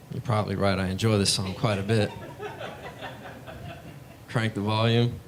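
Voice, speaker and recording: A man's voice: on the low side, level tone, moderate pace. A young man doing a stand-up comedy set on a comedy club stage, telling stories in a laid-back way and acting out voices. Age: young adult.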